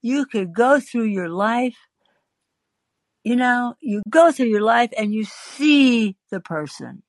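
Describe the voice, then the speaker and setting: A woman's voice: on the high side, lively intonation, slow pace, no room sound. Woman reading lovesick man, earnest, tender, pleading, dry.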